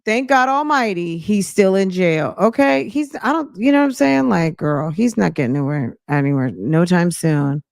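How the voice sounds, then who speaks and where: A woman's voice: on the low side, animated, moderate pace, creaky, hardly any pauses, dry recording, studio quality. A woman hosting a reaction commentary stream, chatty and sassy, addressing viewers as sis.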